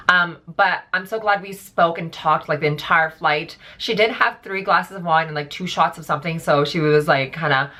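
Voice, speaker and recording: A young woman tells a storytime to camera, chatty and casual, with her words strung together by "like" and "um". Her voice is bright and forceful and sits fairly low for a woman. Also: moderate pace, few pauses. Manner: chatty, filler-heavy, lots of "like". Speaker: vlogger.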